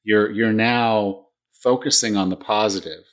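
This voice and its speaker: A man's voice: fairly low pitch, steady tone, a little slow. A man in his forties hosting a fitness podcast, chatting in a casual, upbeat way with frequent restarts. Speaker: podcast host, fitness coach. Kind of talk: casual interview chat.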